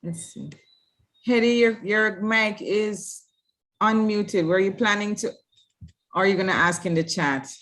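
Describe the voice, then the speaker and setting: Brisk woman moderating an online panel. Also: mid-range voice, a bit bright.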